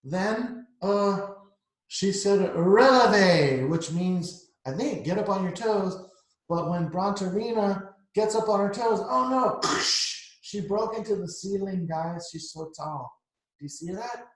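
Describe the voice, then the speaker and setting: A middle-aged man with a high-sitting voice reads a picture book aloud to children at an unhurried pace, chatting and explaining the pictures along the way. It's a storytime read-aloud recorded in an echoey room.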